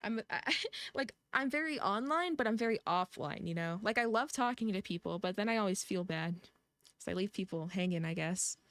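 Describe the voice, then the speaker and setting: A woman game streamer talks casually and rambles, circling back on herself often. Her voice sits at a middling pitch. The recording is dry and close, with no room sound. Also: animated, moderate pace, a bit bright, dry recording. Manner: rambling, chatty, with frequent restarts. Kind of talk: casual gameplay commentary.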